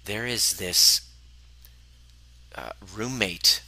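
A man's voice: on the low side, extremely slow, creaky, bright, forceful tone, rough recording. A man coaching a live audience, earnest and self-reflective, sometimes acting out the voices in his head.

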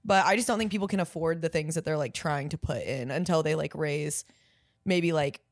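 A woman's voice: sits low, a little fast, dry recording, studio quality. A woman in her twenties from Indiana, co-hosting a casual chat and rambling with lots of swearing and "like" fillers. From Indiana, USA. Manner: rambling, profane, full of "like" fillers. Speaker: podcast co-host.

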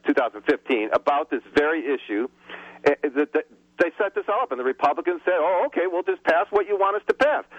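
A man's voice: a little high, a bit bright, slightly rough, no echo. A man calling in to a radio show by phone, ranting indignantly about drug prices. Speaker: caller. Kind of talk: phone-in chat. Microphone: telephone. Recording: muffled phone line.

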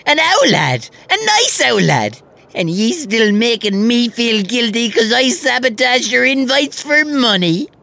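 A woman's voice: fairly high pitch, big pitch swings, unhurried, a bit bright, exaggerated voice. A woman playing a weepy, guilt-ridden accomplice who whines tearfully. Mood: whiny. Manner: whiny, tearful, creaky.

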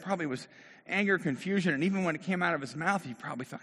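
A pastor delivers a sermon in a long, reverberant hall, narrating a story and voicing the characters in it. His voice sits slightly high and is expressive, very fast, a little bright, and husky.

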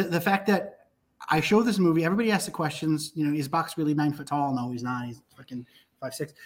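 A man, a filmmaker guest on a talk show, telling stories in a profane, emphatic way with lots of restarts. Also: a little high. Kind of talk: animated casual podcast conversation.

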